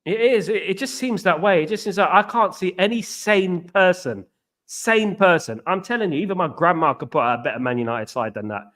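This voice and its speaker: A man hosts a live football stream with a fairly high-pitched voice. He talks in quick, repetitive bursts and greets viewers by name between opinions. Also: expressive, fairly bright tone. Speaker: watchalong host.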